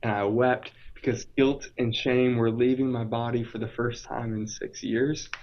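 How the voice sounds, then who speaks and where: A young man in his late twenties gives a heartfelt personal testimony as a podcast guest, pressing hard on key words. His voice sits in an ordinary male pitch. The recording sounds a little dull and lo-fi. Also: steady tone, normal speed. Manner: earnest, emphatic, vivid retelling.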